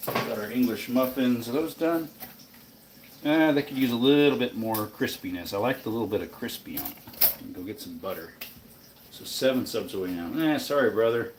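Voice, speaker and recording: A man's voice: mid-range voice, expressive, normal speed, noisy background. Sleepy man rambling in a roomy kitchen. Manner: rambling, chatty, talks to his chat between tasks. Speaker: live streamer cooking breakfast. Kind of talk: casual live-stream chat while cooking. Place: home kitchen, indoors. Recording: roomy kitchen, mic off at a distance.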